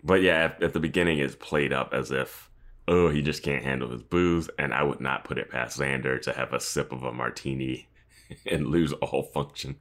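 A man's voice: rumbling low, fairly even intonation, normal speed, fairly bright tone. A man co-hosting a casual podcast, picking apart a TV episode with wry remarks and frequent chuckles. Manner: wry, analytical, chuckles often. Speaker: podcast co-host. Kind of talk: casual chat recapping a TV episode.

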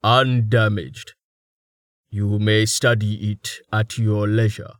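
A man voicing a towering antlered creature who speaks slowly and formally in a rumbling tone. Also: level tone, a bit bright, dry recording, studio quality. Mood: calm. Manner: slow, rumbling, formal speech.

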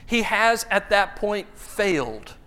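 High-voiced pastor preaching with humor. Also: male voice, slow pace, smooth. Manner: animated storytelling, acting out voices with humor. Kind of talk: sermon.

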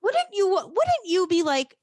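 Woman co-host, sarcastic and profane, lively pitch, dry recording. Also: unhurried, no echo. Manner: sarcastic, swears, acts out characters' lines. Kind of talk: casual chat recapping a movie.

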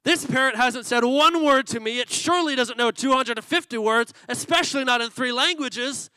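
A man's voice: brisk, bright, forceful tone, smooth, low-quality recording. A man voicing a lonely middle-aged mother who grows fed up and indignant, scolding in a raised voice. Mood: furious. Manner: shrill, raised voice when scolding.

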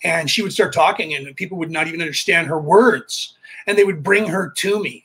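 A man's voice: on the high side, fast, a bit bright, husky. A middle-aged American man talking in a rambling, casual monologue as a podcast host, full of fillers and restarts. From United States.

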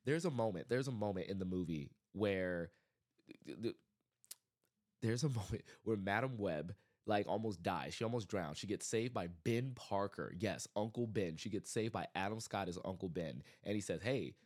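A man hosting his own podcast, giving a casual, animated movie review full of exasperated rants and restarts. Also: on the low side, moderate pace. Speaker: podcast host.

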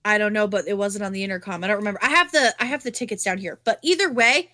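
A woman co-hosting a podcast, telling a story in a casual, animated way, swearing freely and full of "like". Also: medium pitch, quick pace, dry recording, clean studio sound. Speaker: podcast co-host.

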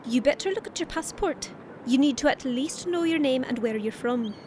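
A woman with an Irish accent acting in an audio drama, brisk, bossy and playful. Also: high-pitched, animated, a little mellow, slight background noise.

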